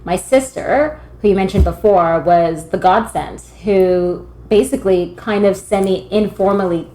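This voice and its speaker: A candid woman in her thirties, talking casually and freely about herself. Her voice sits at a middle pitch and carries a roomy echo around it. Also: a little slow, warm tone, slight background noise. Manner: candid, self-deprecating, laughs often. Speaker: podcast guest, admin staff at a tutoring studio. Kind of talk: casual interview chat.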